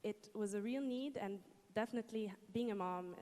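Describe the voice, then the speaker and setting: A woman's voice: medium pitch, moderate pace, mellow. Earnest woman panelist in a reverberant hall. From Egypt. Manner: earnest, thoughtful, with hesitations. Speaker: panelist, entrepreneur. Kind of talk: panel answer.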